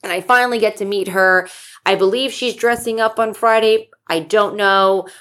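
A woman in her thirties hosting a podcast, talking on her own in a chatty, excitable way, full of fillers and casual swearing. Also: mid-range voice, normal speed. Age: 30s. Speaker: podcast host. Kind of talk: casual solo podcast chat.

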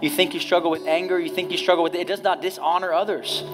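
A man's voice: high voice, level tone, fast. A man in his thirties, a pastor, preaching a conversational sermon in a casual, direct way, often checking in with the congregation. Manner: casual, direct, often asks "you know what I mean?". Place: church.

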